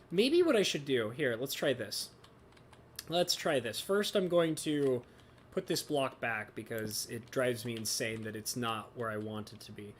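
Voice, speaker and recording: A woman's voice: low voice, measured pace, slightly rough. A woman streaming a building game, chatting casually and talking to herself, with frequent exasperated exclamations. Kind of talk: casual live-stream commentary.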